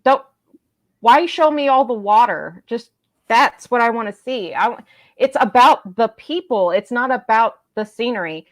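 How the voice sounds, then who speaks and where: A woman with a fairly high voice tells a story in lively casual chat. She acts out the people she quotes. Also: unhurried. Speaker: live chat co-host.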